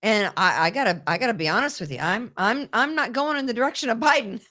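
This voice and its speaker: Animated high-voiced woman chatting politics. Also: fast. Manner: animated, laughs often, repeats words. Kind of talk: casual political chat.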